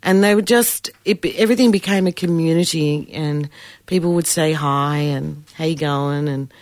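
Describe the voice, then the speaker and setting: Low-voiced woman telling stories. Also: normal speed, dry recording. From Australia. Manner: animated storyteller, acts out voices and laughs. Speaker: musician guest. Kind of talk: casual storytelling interview.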